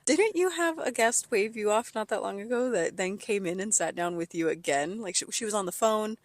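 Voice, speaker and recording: A woman's voice: medium pitch, fairly quick, no echo. A woman co-hosting a podcast, reacting in casual chat with frequent laughter and blunt, profane interjections. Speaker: podcast co-host and restaurant worker.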